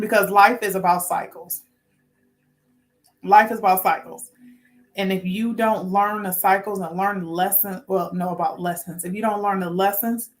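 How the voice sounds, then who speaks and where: A woman hosting a casual spiritual talk, earnest and informal, often restarting sentences as she works through her points. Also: lowish voice. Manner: rambling, restarts, talks herself through points. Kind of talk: casual spoken talk with notes.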